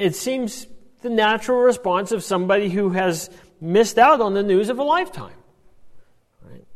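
A man giving a Bible study lecture in an animated way, often checking in with "right?". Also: high-pitched, big-room sound. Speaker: Bible teacher.

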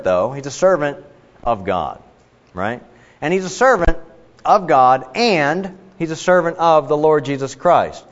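A man teaching a casual Bible study lesson and walking through a sentence diagram, chatty and self-deprecating, full of fillers and restarts. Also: on the high side. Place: work-from-home setting. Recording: dull lo-fi sound with long reverb.

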